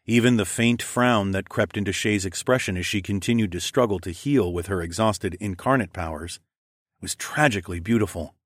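A man narrating first-person fiction in a steady, measured storytelling way. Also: lowish voice, no echo, clean studio sound. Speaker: audiobook narrator.

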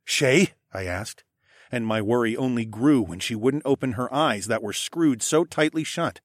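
A man narrating a first-person fantasy audiobook in an expressive way, hushing for dialogue tags. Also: medium pitch, normal speed, no room sound, clean studio sound. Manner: expressive, drops to a hush for tags.

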